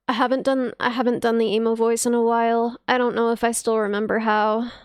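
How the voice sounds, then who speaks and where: A woman's voice: on the high side, flat delivery, moderate pace, clean tone, no room sound, clean studio sound. A young woman, chatting casually on a live stream, giggly, rambling and self-mocking. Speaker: VTuber streamer.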